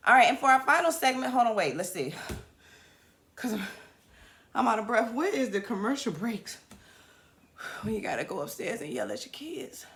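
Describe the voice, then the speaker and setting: A woman talk show host and comedian, chatting loudly and rambling. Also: fairly high pitch, moderate pace, pauses often, roomy sound. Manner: loud, animated, chatty and rambling. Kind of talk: casual talk show chat.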